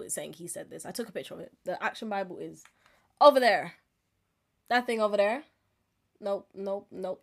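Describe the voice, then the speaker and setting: A woman in her twenties hosting a casual solo podcast, telling stories with animated, acted-out reactions and frequent laughs. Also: medium pitch. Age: 20s. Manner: animated storytelling, acts out reactions, laughs often. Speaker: podcast host.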